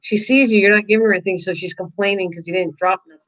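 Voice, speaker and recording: A woman's voice: mid-range voice, fairly even intonation, rapid-fire, a bit bright, poor audio. Rambling, chatty older woman. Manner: rambling and chatty, talks to viewers and her dog. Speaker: host of a live crafting stream. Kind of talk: casual live-stream chat while painting.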